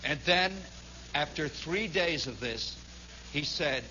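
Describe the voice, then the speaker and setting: Male radio storyteller, high bright voice, animated, hushed to shouting, dull lo-fi sound with faint hiss. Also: slow. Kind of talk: improvised radio storytelling monologue.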